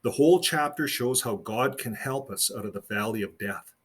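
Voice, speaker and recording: Casting: a man voicing a good-humored angel guide, husky and reassuring, storybook reading. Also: mid-range voice, lively intonation, moderate pace, fairly bright tone. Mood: explaining. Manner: laughing, reassuring. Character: amused, kindly male angel guide.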